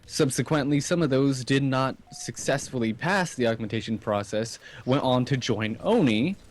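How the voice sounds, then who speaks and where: A man's voice: medium pitch, normal speed, slight background noise. A man co-hosting a casual late-night stream from a computer chair at home, reading game lore aloud with chatty asides and small stumbles. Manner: reads long passages with chatty asides and stumbles.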